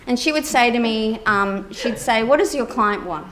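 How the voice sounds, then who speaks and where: At a normal, moderate pace and with a slightly high voice, a woman therapist gives a keynote at a conference. She recounts a personal story in a lively way, voicing the dialogue she quotes and using plenty of fillers.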